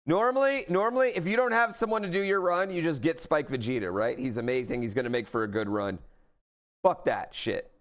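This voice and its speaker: A man's voice: fairly high pitch, brisk. Brash, profane streamer man. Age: adult parent. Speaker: streamer reacting to a speedrun event. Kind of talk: casual livestream commentary.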